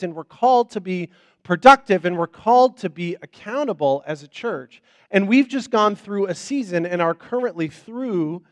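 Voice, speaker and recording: A man's voice: high-pitched, no room sound. A man preaching as a pastor in an informal, conversational sermon. He often repeats words, restarts his sentences and checks in with "right?".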